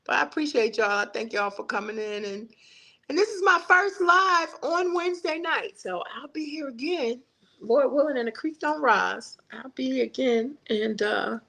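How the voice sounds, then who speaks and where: A woman's voice: a little high, gravelly, fairly bright tone, poor audio. A middle-aged woman hosting a casual livestream, chatting in a folksy way and answering viewer comments. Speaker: livestream host. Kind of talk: casual live-stream chat.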